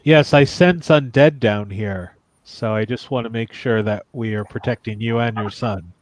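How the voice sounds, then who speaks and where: Male player, middle pitch, dry close sound, relaxed thoughtful delivery. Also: moderate pace, no room sound. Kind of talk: casual tabletop play.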